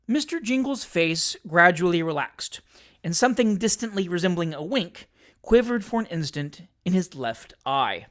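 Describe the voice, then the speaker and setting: Expressive audiobook narrator. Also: medium pitch, moderate pace. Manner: expressive, dramatic storytelling. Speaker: audiobook reader. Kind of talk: scripted narration of a classic novel.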